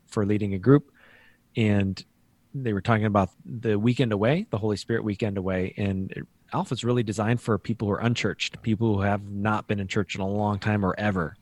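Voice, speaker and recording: A man co-hosting a casual faith talk, reflecting in a measured way. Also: fairly low pitch, darkish tone, dry recording.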